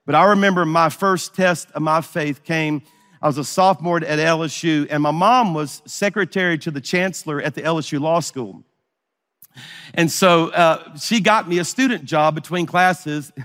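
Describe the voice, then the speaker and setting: Animated preacher in a hall. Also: male voice, on the high side, moderate pace. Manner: animated storyteller acting out dialogue. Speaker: pastor. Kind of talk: storytelling sermon.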